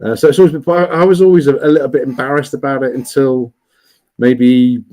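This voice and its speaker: A man chatting casually as a guest on a livestream, rambling with many restarts and fillers, talking loudly. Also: mid-range voice, steady tone, quick pace, low-quality recording. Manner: says he is always loud.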